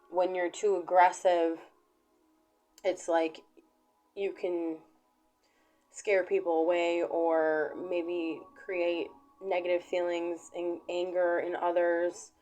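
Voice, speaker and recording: A woman giving a casual collective tarot reading to camera, talking in an unhurried, rambling way with many fillers. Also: on the low side, a little mellow, poor audio. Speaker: tarot reader.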